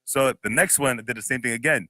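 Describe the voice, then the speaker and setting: A man co-hosting a podcast, telling a story in a loose, animated, slangy way with lots of laughs. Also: mid-range voice, quick pace, no echo. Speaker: podcast co-host. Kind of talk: casual chat, storytelling.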